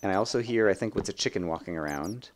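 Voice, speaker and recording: A man's voice: low-pitched, quick pace, slight background noise. Chatty young man narrating gameplay. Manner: chatty, thinks aloud, bursts of excitement. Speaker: let's play host. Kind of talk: gameplay commentary.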